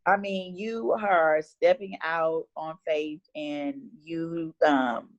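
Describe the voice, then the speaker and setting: A woman's voice: sits low, steady tone, slow pace, muffled recording. A woman speaking in a playful, encouraging way in a casual group chat. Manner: encouraging, playful, laughs often.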